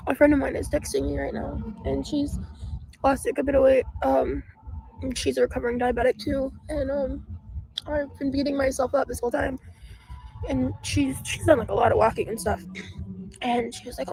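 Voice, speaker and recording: A woman's voice: high-pitched, flat delivery, normal speed, gravelly, mellow, slight background noise, poor audio. A woman vlogger in a played clip, talking in an emotional, self-pitying way about how hard things feel. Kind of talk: personal weight-loss vlog.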